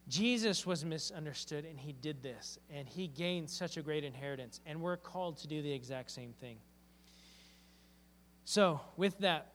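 A man's voice: fairly high pitch, a bit bright. A man preaching a sermon as a pastor, telling a personal story in an earnest, heartfelt way. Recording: long hall reverb.

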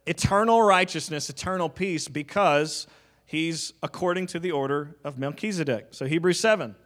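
A man delivers a sermon in an easygoing, talky way, his voice sitting slightly higher than most men's. He teaches through scripture with plenty of casual fillers and drops in light, joking asides along the way. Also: fairly bright tone. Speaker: preacher.

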